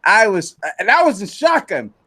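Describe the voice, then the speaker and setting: A man hosting a casual chat, telling animated stories and laughing often. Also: sits high, moderate pace, husky. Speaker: host.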